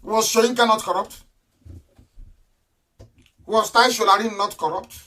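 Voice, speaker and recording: A man with a Nigerian accent giving a live political broadcast, defiant and accusing, repeating his phrases and breaking into shouts. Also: high-pitched, fairly even intonation, a little slow. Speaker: broadcaster of a live online transmission. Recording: voice a bit distant from the mic.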